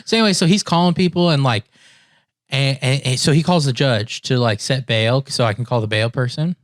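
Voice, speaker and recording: A man's voice: mid-range voice, a little fast, no echo, clean studio sound. Laughing man telling a story. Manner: animated storyteller, acts out quotes, laughs often. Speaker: podcast co-host. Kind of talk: casual storytelling chat.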